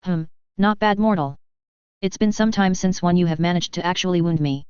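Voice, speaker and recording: A reader voicing a cruel, taunting male vampire who speaks with slow menace, on a slightly dull recording. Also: mid-range voice, smooth, dry recording, lightly acted. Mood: menacing. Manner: menacing, mocking.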